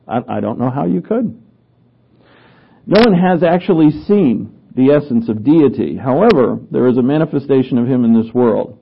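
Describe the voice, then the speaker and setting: Preacher with a tinny phone-like sound. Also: male voice, mid-range voice, lively intonation, normal speed, vocal fry, slight background noise. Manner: conversational teaching, with asides and self-corrections. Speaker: pastor teaching a Bible study. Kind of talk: sermon.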